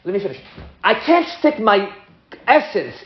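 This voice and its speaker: A man teaching a lively class as a rabbi at a whiteboard, excitable and often stopping to restart his sentences. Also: high-pitched, moderate pace, echoey room, highs cut off. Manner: excitable, self-interrupting, stumbles over restarts.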